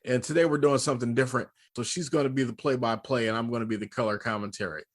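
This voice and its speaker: A man in the host's chair of a laid-back car show, joking about himself and then settling into long explanations. His voice sits at an ordinary mid pitch, easy and unhurried. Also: fairly even intonation. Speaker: podcast host. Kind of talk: casual chat and car commentary.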